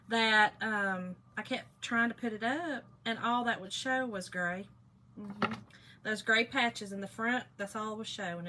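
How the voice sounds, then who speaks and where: A woman's voice: on the high side, pushed and bright. A middle-aged woman with a Southern Georgia accent, chatting casually with viewers on a craft livestream and greeting them by name. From Kentucky, raised in Georgia.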